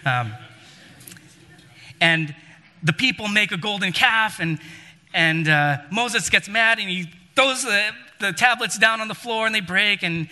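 A preacher with a high-sitting, pushed, bright voice and lively intonation speaks a little slowly as he tells a sermon story. He acts out the people he quotes with rising and falling emphasis, all within a long hall reverb.

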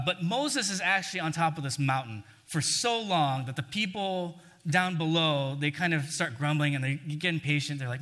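A man's voice: fairly high pitch, sharp tone. A man preaching a sermon in a conversational way, acting out the scripture passages he quotes, recorded in a reverberant hall.

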